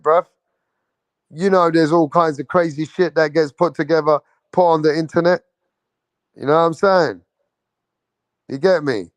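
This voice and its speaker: A man's voice: fairly high pitch, dry recording. A man hosting a boxing show, chatting casually and slangily straight to his viewers. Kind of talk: casual livestream chat.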